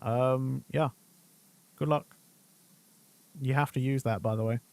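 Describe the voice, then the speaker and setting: A man streaming a game and commenting as he plays, excitable and quick to swear and burst into exclamations. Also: medium pitch, gravelly. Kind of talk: gameplay commentary.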